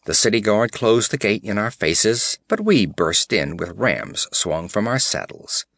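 A man reading as a gruff barbarian warrior. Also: on the low side, animated, measured pace, fairly bright tone, no room sound, studio quality, exaggerated voice. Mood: blunt. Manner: blunt, rough, commanding. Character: gruff battle-hardened barbarian warrior chief.

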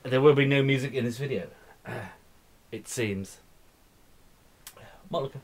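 A man ranting on his vlog in a loose, rambling way, cursing constantly and trailing off into mumbles. His voice sits at an ordinary middle pitch. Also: unhurried, slight background noise. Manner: profane, rambling, slurring and mumbling. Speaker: vlogger. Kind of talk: drunken rambling vlog rant.

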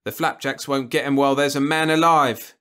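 A man doing an excitable raised-voice frontier farmer. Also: medium pitch, fairly quick, clean tone, pitched above the performer's own voice, close to an everyday voice. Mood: excited. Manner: raised, eager and emphatic. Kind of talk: audiobook character voice.

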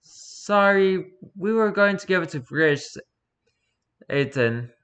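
A man voicing a brisk, apologetic office interviewer. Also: high-pitched, lively intonation, a bit bright, clear, resonant tone, voice pushed up, exaggerated voice.

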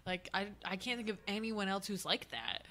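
A woman's voice: medium pitch, normal speed, pushed and bright. A young woman co-hosting a podcast casually, mostly giving short agreements and laughing along. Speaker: podcast co-host. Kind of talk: casual wrestling chat.

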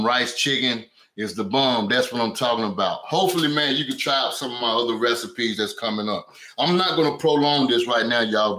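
A man's voice: mid-range voice, pushed and bright. A man hosting a home cooking live stream in casual chat, greeting viewers by name and often repeating "you know what I'm saying". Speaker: cooking channel host. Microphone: camera mic on a stand. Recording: roomy echo.

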